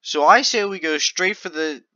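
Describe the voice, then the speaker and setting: A man commentating his online gambling in a casual video, stammering and swinging between loud excitement and quiet muttering. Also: sits high, moderate pace, no echo, lo-fi sound. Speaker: gaming video creator.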